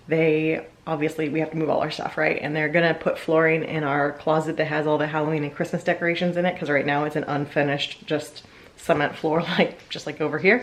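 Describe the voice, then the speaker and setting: Woman in her thirties, casual home vlog, chatty and upbeat, fairly low voice. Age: 30s. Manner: chatty, upbeat, thinking aloud. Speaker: vlogger. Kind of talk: casual vlog talk to camera.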